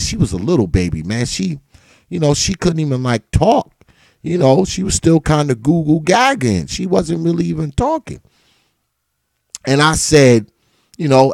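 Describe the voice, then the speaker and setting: Animated, profane male storyteller. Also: medium pitch, no echo. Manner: animated, swearing freely, rising in outrage. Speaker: host of a live talk stream.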